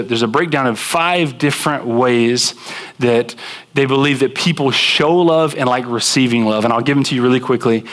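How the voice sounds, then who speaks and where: A young man preaching a conversational sermon to a church congregation, acting out quoted spouses in animated bursts. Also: mid-range voice. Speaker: pastor. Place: church sanctuary with live congregation.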